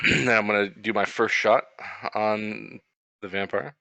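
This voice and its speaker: A man playing a tabletop game, hesitant and often clearing his throat as he describes his turn. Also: lowish voice, steady tone, unhurried, pushed and bright, no room sound, poor audio. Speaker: player. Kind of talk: casual tabletop play.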